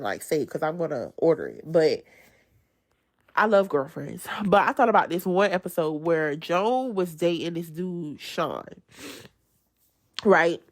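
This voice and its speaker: A woman gives an amped-up devotional testimony. She talks casually to her listeners as y'all and swings between loud emphasis and soft asides. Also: lowish voice. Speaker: speaker giving a devotional testimony. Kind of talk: preachy devotional talk.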